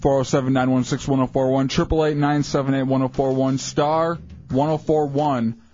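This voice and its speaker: A man's voice: medium pitch, flat delivery, normal speed, darkish tone, lo-fi sound, soft background music. A male radio co-host in casual banter, telling crude stories and teasing the others.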